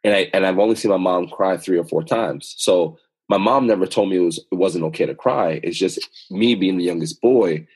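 A man's voice: low voice, fairly quick, darkish tone, breathy edge. A man speaking as an interview guest, talking in an earnest, emphatic, motivational way as he tells personal stories. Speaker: guest, author and speaker on self-awareness. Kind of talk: podcast interview conversation.

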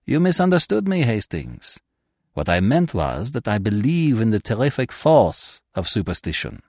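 A man voicing a calm middle-aged male detective in an audiobook reading, gentle, measured and grave. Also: medium pitch, no room sound, clean studio sound, heavily acted.

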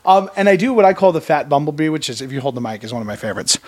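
Chatty man with a higher voice. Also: animated, rapid-fire. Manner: friendly, chatty, many fillers. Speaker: voice actor guest. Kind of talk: casual interview chat.

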